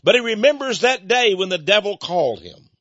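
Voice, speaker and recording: A man preaches, telling a story with a husky voice that swings widely in pitch. He chuckles between points and asks his listeners questions. The recording is dull and lo-fi. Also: very animated, a little fast, a bit bright, no room sound. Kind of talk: sermon storytelling.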